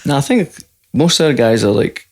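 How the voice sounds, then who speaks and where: A man's voice: medium pitch, expressive, normal speed, a little mellow. A man from Dundee with a toned-down Scottish accent, a fighter chatting easily as a podcast guest, hedging with "like". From Dundee, Scotland. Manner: easygoing, hedging with "like" and "I think". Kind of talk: casual podcast chat.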